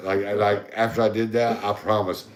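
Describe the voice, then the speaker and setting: A man's voice: on the low side, flat delivery, brisk, echoey room. A man, co-hosting a podcast in a laid-back, joking casual chat. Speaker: podcast co-host.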